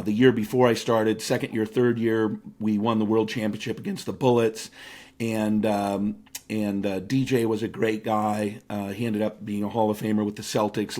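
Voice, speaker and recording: Fifties male guest, lively storyteller, casual and conversational, sprinkles fillers. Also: fairly low pitch. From Seattle area, United States. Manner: animated, anecdotal, frequent fillers. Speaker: guest, speaker and author.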